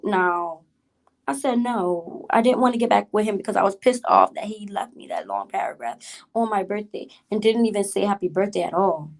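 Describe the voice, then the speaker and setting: A woman hosting a casual storytime vlog, chatty and repetitive, who keeps addressing her viewers directly and greets live chat mid-story. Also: mid-range voice. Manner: chatty, repeats herself, addresses viewers as y'all. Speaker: vlog host telling a story.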